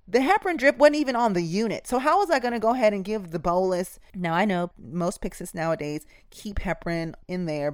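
Her voice is on the low side with a darkish tone, recorded in studio quality with no room sound. As a nurse podcast host, she shares work stories directly with listeners in a casual, emphatic, instructive way.

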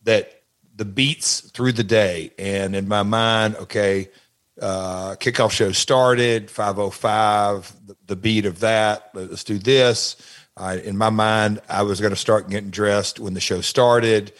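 An older man, a retired wrestler and guest, recalling backstage moments in a halting, rambling casual chat. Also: on the low side, steady tone, fairly bright tone.

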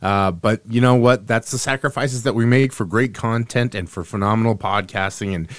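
A man co-hosting a sports podcast over a remote setup, talking casually in a joking, facetious, animated way. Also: lowish voice, moderate pace, no echo. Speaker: podcast co-host. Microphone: remote call setup.

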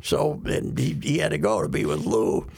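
A man's voice: big pitch swings, normal speed, a little mellow. An older man, a regular on a sports talk show, telling rambling stories in casual chat and breaking into chuckles. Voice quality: gravelly, husky. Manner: rambling storyteller, chuckling, bursts into high laughs.

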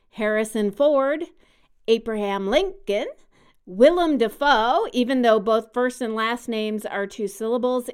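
In a casual podcast chat, a female co-host with a fairly high, smooth voice explains things patiently, much like a music teacher, sounding out her examples as she goes.

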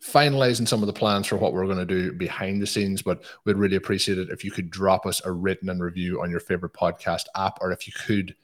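A man hosts a podcast in a relaxed, chatty way, dropping fillers as he plugs the show and welcomes guests. His voice sits low for a man. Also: fast talker, few pauses. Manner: chatty, promotional, frequent fillers. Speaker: podcast host. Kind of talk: casual podcast chat.

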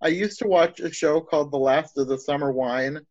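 A man with a slightly high voice talks eagerly in casual chat. He rambles and restarts as he thinks aloud. The recording is dull and lo-fi, with a dry, close sound. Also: a little fast, a little mellow, no echo.

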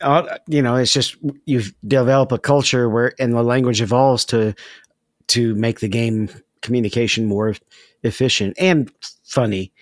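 A man's voice: mid-range voice, fairly even intonation, normal speed, no echo, clean studio sound. A man co-hosting a podcast in casual chat, upbeat and keeping the show moving. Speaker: podcast co-host.

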